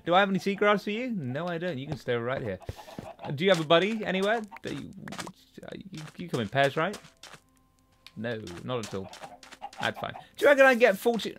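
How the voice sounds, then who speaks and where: A young man narrates his game in a casual, chatty way, talking to the animals on screen and breaking into sudden excited outbursts. His voice sits a little high for a man and moves about with a lot of animation. Faint music runs in the background. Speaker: gaming YouTuber. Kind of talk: Let's Play commentary.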